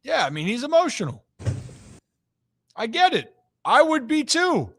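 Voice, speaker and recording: A man's voice: extremely high pitch, wildly swooping pitch, fairly bright tone, a little hiss or hum. A man hosting a sports talk show, giving emphatic opinions in casual chat. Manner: opinionated, emphatic, drawn-out stresses.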